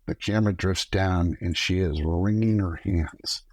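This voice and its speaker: A middle-aged man, a guest on a podcast, telling lively stories and acting out the lines of people he quotes. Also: sits low, measured pace, no room sound. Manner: animated storyteller acting out quoted dialogue. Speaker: podcast guest, former camera operator. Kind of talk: casual storytelling interview.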